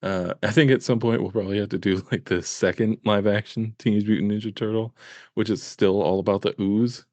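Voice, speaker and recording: A man's voice: fairly low pitch, fairly even intonation, a little fast, darkish tone, dry recording. A man co-hosting a casual podcast, hesitant and laughing, with many ums. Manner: hesitant, laughing, full of fillers. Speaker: podcast co-host.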